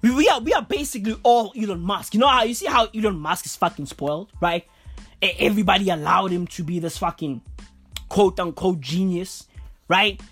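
Vlogger, casual profane rant, repetitive and stammering, mid-pitched, light music bed. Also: fairly quick, fairly bright tone, husky. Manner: heated, repetitive, stammering restarts, heavy slang and swearing.

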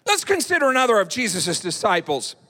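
A man preaching a sermon in an animated, dramatic way. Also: sits high, brisk. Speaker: pastor. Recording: echoey hall.

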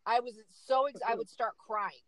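A woman's voice: on the high side, normal speed, dry recording, rough recording. A middle-aged woman telling a dramatic story in casual chat, repeating words for emphasis.

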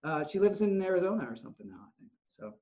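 A man hosting a casual interview podcast, telling stories and acting out quotes with lively energy. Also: high-pitched, quick pace. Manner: animated storyteller, acts out quotes. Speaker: podcast host. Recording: dull lo-fi sound.

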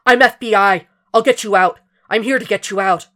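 A woman voicing a desperate male FBI agent, calling out urgently and hoarsely in a fire. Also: medium pitch, fairly even intonation, takes it slowly, a little mellow, voice pushed up, full character voice.

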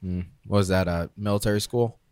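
A man's voice: on the low side, steady tone, moderate pace, a little mellow, clean tone, dry recording, clean studio sound. A young man hosting a casual chat, quizzing and teasing his guest with questions.

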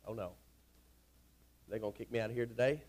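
A man preaching a sermon to his congregation in a church, with a folksy, rousing manner that often rises to shouting. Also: on the low side, brisk. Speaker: pastor. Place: church sanctuary.

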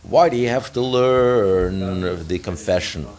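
A man's voice: deep voice, slow pace, darkish tone. A middle-aged man teaching a daily Talmud page lesson, reading each phrase and explaining it in plain words, often correcting himself as he goes.

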